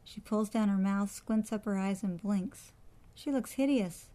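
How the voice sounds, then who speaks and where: A proper, worried mother, read by a woman telling a storybook. She scolds and frets in a prim, measured tone. The voice stays close to an ordinary speaking voice. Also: medium pitch, mellow, natural voice, poor audio.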